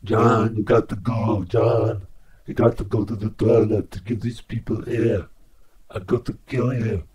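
Man doing a cyborg killer, voice changer filter, loud blunt threats, dark tone, very raspy. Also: on the low side, little pitch movement, a little slow. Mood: threatening. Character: menacing male cyborg killer.

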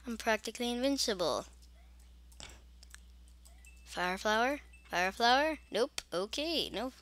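A woman's voice: mid-range voice, lively intonation, slow, pauses often, a bit bright, dry recording. A young woman casually commenting on a game as she plays it, chatty and grumbling, with mock-scared asides. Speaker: gaming channel host.

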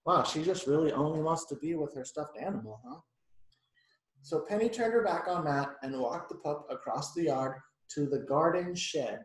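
A man's voice: a little high, animated, normal speed, echoey room, low-quality recording. Chatty male teacher reading a storybook. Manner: chatty, explains the pictures, asks the kids questions. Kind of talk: reading a picture book aloud to children.

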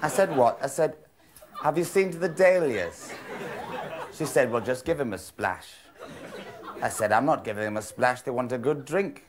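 A man's voice: medium pitch, lively intonation, normal speed, long pauses, crowd noise. A man doing a dry, understated monologue as an improv performer in a TV studio. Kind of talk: deadpan monologue storytelling. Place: TV studio with live audience.

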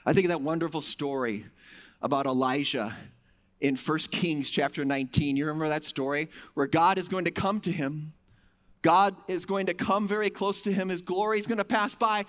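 Man, middle-aged, conference speaker, somewhat high voice, animated storytelling. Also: normal speed. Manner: animated storytelling with big swings in loudness. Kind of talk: faith conference talk. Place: conference hall.

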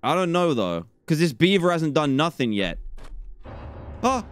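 Playing a horror game, this young male YouTuber chatters excitedly, addresses the characters, and shoots up in pitch when something scares him. He speaks a little slowly and smoothly, with long pauses.

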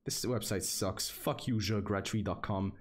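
A young man streaming flash games live, excitable and repetitive, swearing often and jumping between flat mutters and sudden high outbursts. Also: unhurried, a little hiss or hum. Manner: excitable, repetitive, swears, lively swings in pitch. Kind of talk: live game stream commentary.

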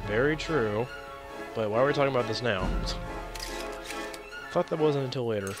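A man's voice: mid-range voice, normal speed, over music. A young man joking and chatting casually while commenting on a game. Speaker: gameplay commentator.

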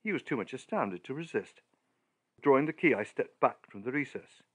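A male audiobook narrator with a mid-pitched voice, reading a gothic tale at an unhurried, deliberate pace. Every sentence is shaped and paced with care. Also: lively intonation, a bit bright.

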